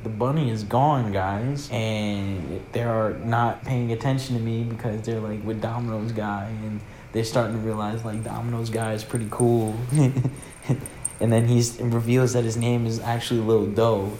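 A young man telling a wild comic story to friends in a loose, slangy, excitable way. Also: medium pitch, a little slow. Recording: echoey room with loud background noise.

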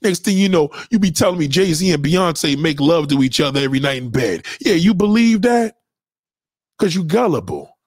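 Slightly high and a little mellow, this man's animated voice moves at normal speed through a blunt, profanity-laced rant to followers, heated and full of repetition. The recording is dry.

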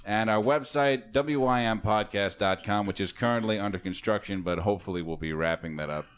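A man's voice: lowish voice, brisk. A man hosting a podcast in a studio, joking and swearing freely in casual chat with friends. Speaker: podcast host.

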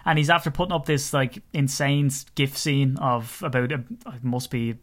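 A man's voice: medium pitch, fairly even intonation, normal speed, fairly bright tone. A young Irish man co-hosting a sports podcast, telling rambling stories and laughing often in casual chat. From Ireland. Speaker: podcast co-host.

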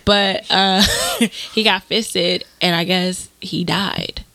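A woman's voice: lowish voice, fairly even intonation, slow, sharp tone. A woman co-hosting a casual podcast chat, giggly and profane, telling stories at a chatty clip. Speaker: podcast co-host.

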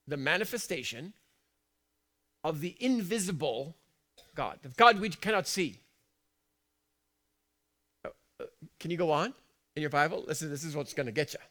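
A man preaching a sermon in a church, chatty and full of questions to the congregation, moving between soft asides and loud emphatic lines. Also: on the high side, moderate pace, long pauses. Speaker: pastor.

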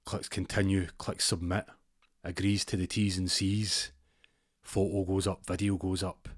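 A Scottish man telling a rambling comic story with deadpan asides. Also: deep voice, measured pace, no room sound, studio quality.

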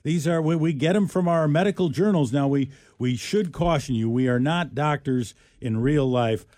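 A male talk-radio co-host with a slightly higher voice tells a strange news story in a loose, joking way, stumbling and restarting as he goes. His voice is picked up close and dry, with no room sound. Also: moderate pace, a little mellow, no room sound. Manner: rambling, restarts often, joking. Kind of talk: casual talk radio banter.

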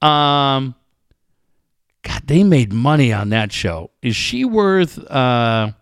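A man's voice: medium pitch, sing-song, slow pace, smooth, no echo, clean studio sound. A man co-hosting a casual podcast, guessing aloud and swearing often in loose banter. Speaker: co-host.

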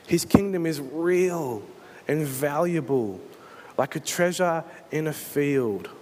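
Earnest pastor preaching. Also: male voice, fairly high pitch, lively intonation, slow, a little mellow, slight background noise. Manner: earnest storytelling, dramatizes scenes. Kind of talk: sermon.

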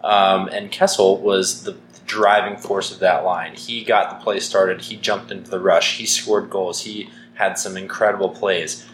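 Man, Canadian accent, young adult, low voice, opinionated and dry, casual podcast chat, echoey room. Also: level tone, unhurried, few pauses, fairly bright tone. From Saskatchewan, Canada. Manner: opinionated, dry jokey, many ums. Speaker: podcast co-host. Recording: echoey room with faint noise.

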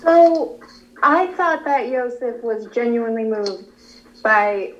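A woman with a fairly high voice asks the teacher a question during a live class. She speaks hesitantly and breaks off her phrases as she searches for the right words. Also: lively intonation, takes it slowly, dull audio, slight background noise. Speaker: class participant asking a question.

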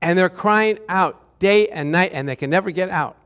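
A man preaching a sermon to a congregation, animated and calling out to them for answers. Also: sits high, moderate pace. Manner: animated, calls out to the congregation for responses. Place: church sanctuary with a congregation.

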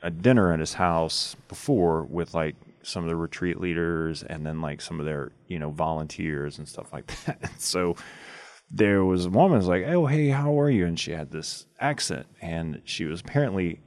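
A man's voice: deep voice, normal speed. A man hosting a casual chat, telling stories and laughing often. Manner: laughing storyteller, chatty. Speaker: podcast host.

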